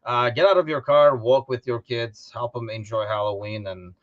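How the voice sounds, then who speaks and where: A young man from Turkey hosting a live podcast, telling stories in lively casual chat and laughing often. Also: mid-range voice, moderate pace. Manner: animated storyteller, laughs often. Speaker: podcast host. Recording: lo-fi live stream audio.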